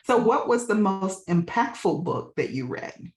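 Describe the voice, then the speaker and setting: Woman co-host, lively, encouraging, recorded in an echoey space. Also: mid-range voice, measured pace. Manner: brief encouraging replies.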